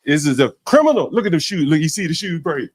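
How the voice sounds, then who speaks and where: Male livestream co-host, animated pitch, frequent laughs, drawn-out exclamations. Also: slightly rough. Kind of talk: casual live-stream chat.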